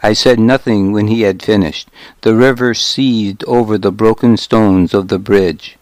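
A man narrating a historical novel in the first person, measured and deliberate. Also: fairly low pitch, fairly even intonation, a little mellow, no echo. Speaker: audiobook narrator.

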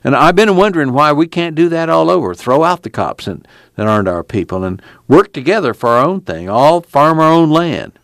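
Brooding young fugitive, read by a man, plainspoken rural drawl, animated delivery. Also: on the high side, fairly quick, no echo, pitched above the performer's own voice. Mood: earnest. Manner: folksy rural dialect, thoughtful and plainspoken. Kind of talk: audiobook character reading.

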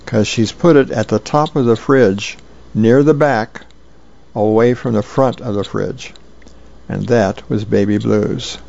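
A man's voice: on the low side, measured pace, creaky, darkish tone, muffled recording. A man volunteer reader casually reading comic strips aloud, with fillers. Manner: easygoing, plain storytelling with fillers.

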